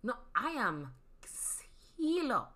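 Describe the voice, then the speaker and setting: A woman hosting a casual chat, teasing her friends with quick, animated comebacks. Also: on the high side, crowd noise.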